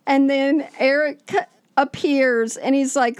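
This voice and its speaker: A woman's voice: high-pitched, steady tone, unhurried, no room sound, clean studio sound. A woman co-hosting a casual chat, retelling a story with amused laughter.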